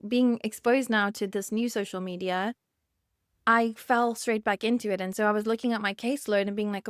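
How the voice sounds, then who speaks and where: A South African woman in her thirties hosts a solo podcast, speaking with a smooth, mid-range voice in studio-quality audio with no room sound. A podcast host and therapist, she gives a candid, emotional personal monologue, laughing softly while choked up and near tears.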